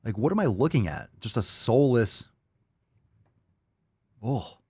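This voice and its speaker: Crude ranting male host, lively pitch. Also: slow, breathy edge, dry recording. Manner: crude, mocking, sarcastic rants with mock voices. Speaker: show host. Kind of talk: ranting commentary show.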